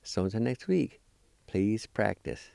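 Guy teaching vocab, real slow, spells stuff out bit by bit, lowish voice. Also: animated, vocal fry, warm tone, no room sound, studio quality. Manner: slow, deliberate, spells out syllables one by one. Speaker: language teacher. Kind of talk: radio language lesson.

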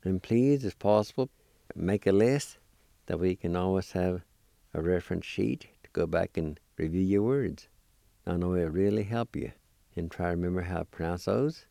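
A man teaching a language lesson, spelling words letter by letter and repeating each pronunciation slowly. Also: low voice, vocal fry, dark tone, no room sound.

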